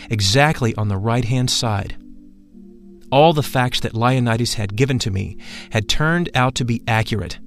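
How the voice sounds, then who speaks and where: A man narrating a first-person spoken story in a solemn, measured way. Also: medium pitch.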